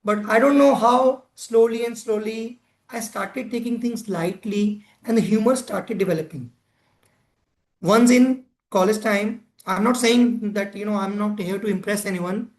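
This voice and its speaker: A man with a high voice presents a club education session, speaking unhurriedly. He keeps the workshop interactive, chatting and posing questions to his audience.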